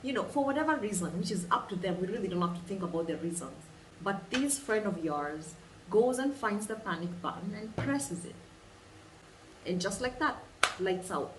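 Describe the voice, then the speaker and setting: Woman, animated storyteller, repeats phrases, echoey room. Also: medium pitch, moderate pace, background noise. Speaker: vlogger. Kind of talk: guided imagination exercise. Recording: roomy sound, distant mic, faint ambience.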